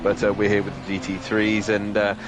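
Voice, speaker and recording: A man's voice: on the low side, monotone, fairly quick, highs cut off, background noise. A man co-commentating a sim racing broadcast in a casual, rambling way with many fillers.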